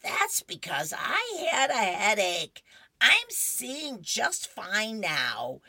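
A woman voicing a stubborn older woman from a comic strip, reading her lines slowly and insistently. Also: fairly high pitch, huge pitch swings, bright, forceful tone, breathy edge, no room sound, studio quality, pitched above the performer's own voice, full character voice.

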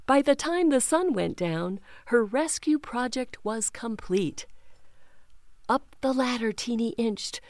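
A woman reading children's picture books aloud, slow and expressive, giving the characters their own voices. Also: on the high side, no echo, clean studio sound. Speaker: children's storytime reader.

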